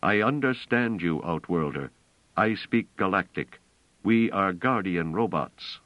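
Man doing a cold, incisive guardian robot for an audiobook, deep, dry lo-fi. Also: lively intonation, unhurried, dry recording. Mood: cold, formal. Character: cold logical tall guardian robot, male. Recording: dull lo-fi dry recording.

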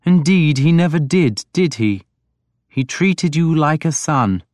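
A man's voice: on the high side, lively intonation, a little mellow, no echo, studio quality, voice pushed up. A man voicing a stern, shrewd king who speaks mildly but pointedly, in an audiobook reading. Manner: measured and stern. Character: stern, shrewd, mild-spoken male king. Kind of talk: audiobook character voice.

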